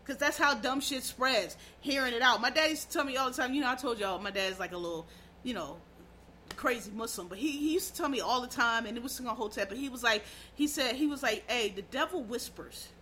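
A woman's voice: fairly high pitch, quick pace, sharp tone, slight background noise. A woman hosting a show, giving blunt, profane, emphatic commentary in casual talk.

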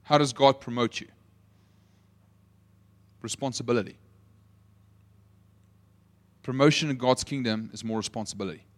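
A man preaching a sermon, asking the audience questions and retelling scripture as lively stories. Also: medium pitch, moderate pace, pauses often. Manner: asks the audience rhetorical questions; animated storytelling with acted-out quotes. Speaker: pastor.

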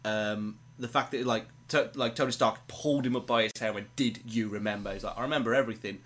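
Bright-voiced chatty podcast co-host, man. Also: fairly low pitch, steady tone, fast talker. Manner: chatty, eager, retells scenes. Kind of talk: casual film-review chat.

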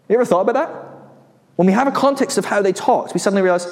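A high-pitched man with lively intonation and a slightly mellow tone preaches quickly in a casual, conversational sermon. He fills it with rhetorical questions and light chuckles, and the recording carries a long hall reverb.

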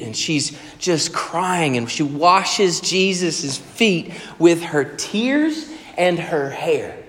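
A man preaching a sermon in an animated, conversational storytelling way. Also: on the high side. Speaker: pastor. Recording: echoey hall with long reverb.

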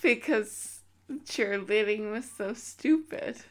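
A woman's voice: medium pitch, slow pace. A woman guest on a podcast, chatting casually and giving dry, offhand answers. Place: podcast studio.

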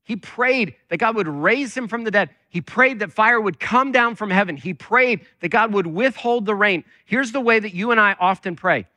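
A man's voice: high-pitched, normal speed, hardly any pauses, bright, forceful tone, no room sound, clean studio sound. A man preaching a conversational sermon as lead pastor, talking with many fillers.

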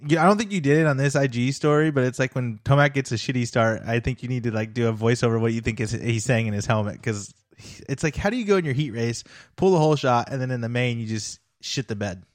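A laid-back man chatting casually, swearing freely and laughing often. His voice sits at an ordinary pitch and is recorded dry and close. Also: fast talker, few pauses, dry recording. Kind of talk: casual chat.

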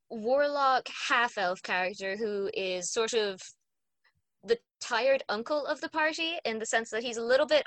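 A woman's voice: medium pitch, fairly bright tone, dry recording. A woman who runs a tabletop game, talking casually and explaining her game at length with many fillers. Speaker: game master. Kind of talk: casual chat.

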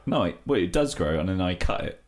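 A man co-hosting a comedy podcast, rambling in deadpan improvised chat. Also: sits low, fairly quick. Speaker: podcast co-host.

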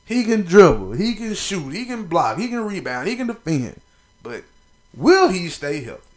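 A young man hosting a podcast, talking sports in a casual, profane, playful monologue full of shout-outs. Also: high voice, sing-song, normal speed. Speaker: podcast host.

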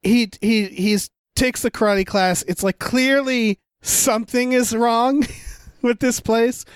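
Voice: medium pitch, steady tone, slow pace, smooth, dry recording. Co-host, mid-range voice, rambling film talk, dry close sound. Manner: rambling, many fillers and restarts. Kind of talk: casual chat reviewing a film.

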